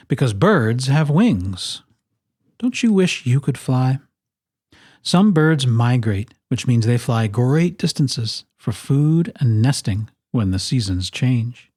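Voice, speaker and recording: A storyteller reads a children's picture book aloud at an unhurried pace. The voice rises and falls in a lively way and puts playful emphasis on each item in a list. The sound is dry and close. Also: medium pitch, no room sound. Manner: expressive, playful emphasis on lists.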